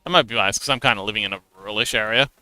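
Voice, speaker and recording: A man's voice: lowish voice, very fast, pushed and bright, dry recording. A man livestreaming as an artist, chatting casually while he draws, rambling and self-deprecating, laughing often and muttering to himself as he works.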